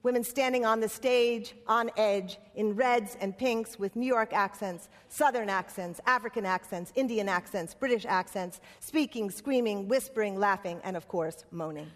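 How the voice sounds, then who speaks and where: A woman's voice: medium pitch, normal speed, few pauses. A woman playwright and activist giving a conference speech in impassioned, rhythmic lists. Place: conference hall. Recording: long hall reverb.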